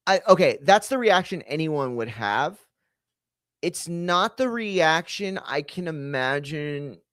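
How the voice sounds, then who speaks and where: Male host, casual swearing reaction commentary, lively swooping pitch, dry close recording. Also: dry recording. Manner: animated, profane, rambling with restarts.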